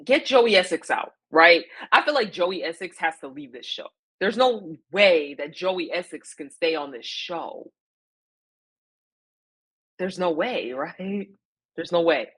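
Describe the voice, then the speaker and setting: A woman in a chatty vlog, speaking in a slightly low voice. She is opinionated and emphatic, hammering her points home with repetition, slang and plenty of fillers. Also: lively intonation, slow, fairly bright tone, slightly rough. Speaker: vlogger recapping a reality show. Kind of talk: casual chat.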